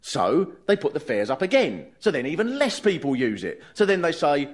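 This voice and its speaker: A man's voice: on the high side, big pitch swings, moderate pace. A male comedian hosting, explaining his ideas in sardonic stand-up patter. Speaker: comedian host.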